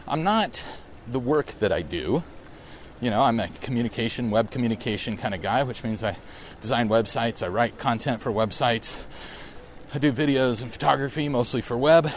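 A man's voice: mid-range voice, expressive, moderate pace. Middle-aged male podcast host, mid-range voice, musing aloud outdoors with light traffic noise around him. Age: 40s. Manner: rambling, reflective and self-correcting. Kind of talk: casual solo podcast monologue. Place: outdoors on a bike ride through a park.

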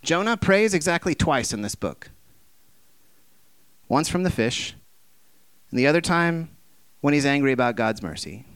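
A man's voice: sing-song, a little slow, pauses often, fairly bright tone, clear, resonant tone, no echo. A man preaching a sermon, impassioned and conversational, firing off rhetorical questions and acting out the voices he quotes. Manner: acts out quoted voices with big swings in pitch and volume.

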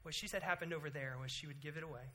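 Animated man preaching a sermon. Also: rapid-fire. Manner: animated, rises loud and high for emphasis, then drops to quiet prayer. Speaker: pastor. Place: church sanctuary.

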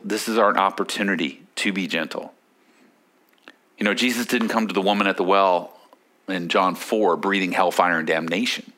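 A man preaching a sermon in a conversational way, often asking the listeners questions and dropping soft on key words. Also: lowish voice. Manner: conversational, asks the listeners questions with frequent "right?". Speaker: pastor.

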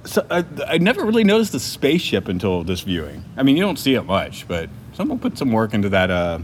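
Man, casual podcast co-host, laughs a lot, lively pitch, faint noise behind. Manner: laughs often, halting with fillers. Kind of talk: casual film chat. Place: lives in Japan.

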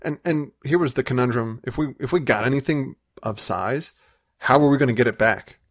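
A man's voice: mid-range voice, fairly quick, no echo. Man, casual podcast chat, rambling storyteller, dry close sound. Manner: rambling, with frequent restarts and laughs. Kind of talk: casual chat recounting a convention trip.

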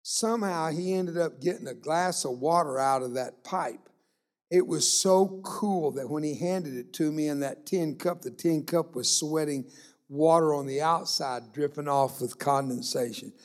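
Animated preacher telling a story. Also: male voice, fairly high pitch, unhurried. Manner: animated, humorous anecdote with acted-out dialogue. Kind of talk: sermon storytelling.

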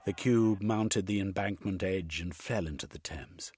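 A man narrating an audiobook with a husky voice. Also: deep voice, unhurried, a little mellow. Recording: faint music underneath.

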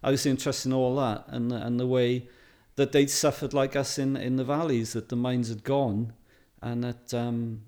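A man's voice: mid-range voice, little pitch movement, normal speed, hardly any pauses, a little mellow. Chatty Welsh man telling stories. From Wales. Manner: chatty, anecdotal, laughs often, many fillers. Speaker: photographer guest. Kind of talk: casual interview chat.

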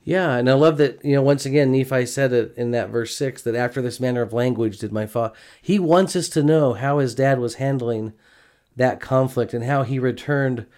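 A middle-aged man with a mid-range, somewhat dark voice co-hosts a podcast, talking at a moderate pace in a casual gospel conversation about marriage. He comes across as earnest and chatty, sprinkling in "you know" and often checking in with "right?".

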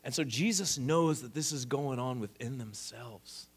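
A man preaching a sermon, swinging between quiet, intimate lines and loud, emphatic ones. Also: medium pitch, measured pace, husky. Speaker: pastor.

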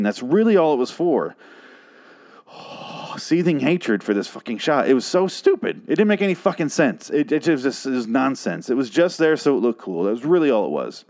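A man in a loose, heated recap of a TV episode. He swears freely, sounds openly irritated and trips over his own words as he goes. His voice sits at an ordinary middle pitch. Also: a little mellow. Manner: angry, profane ranting with frequent restarts. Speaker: TV episode reviewer. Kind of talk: casual recap rant.

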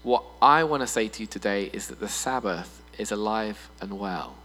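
Animated male preacher in a reverberant hall. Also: lowish voice, moderate pace. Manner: animated, playful, mimics voices for humor. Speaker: pastor. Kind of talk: sermon. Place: church hall. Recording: long reverb in a hall with mains hum.

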